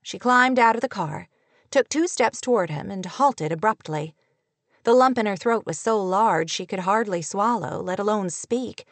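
A woman narrating a novel audiobook in a measured, even storytelling manner, recorded on a close studio mic. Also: medium pitch, no echo. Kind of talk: scripted narration.

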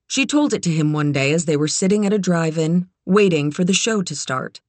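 An audiobook narrator reading a novel in even, measured scripted narration. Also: medium pitch, dry recording.

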